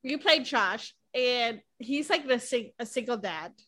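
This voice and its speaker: A woman's voice: on the high side, expressive, measured pace, a bit bright. A woman interviewing an actor in a chatty way, laughing easily and using many fillers. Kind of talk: casual interview chat.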